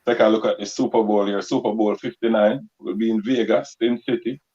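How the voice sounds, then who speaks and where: A man's voice: lowish voice, fairly even intonation, fairly quick, dark tone. A man joining a sports talk show over a video call as a guest, giving laid-back analysis. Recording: dull video call audio.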